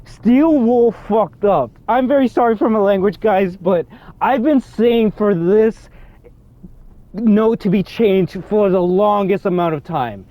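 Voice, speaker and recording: A young man giving excitable, rambling commentary over a game, swinging between low mutters and loud outbursts. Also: no echo, muffled recording. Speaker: gaming youtuber. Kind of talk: ranting gameplay commentary.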